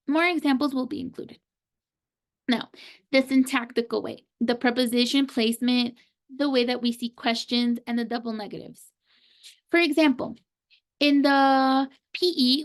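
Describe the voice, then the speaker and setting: A woman giving a slide presentation, talking in a halting way with frequent pauses and fillers. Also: fairly high pitch. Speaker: student presenter.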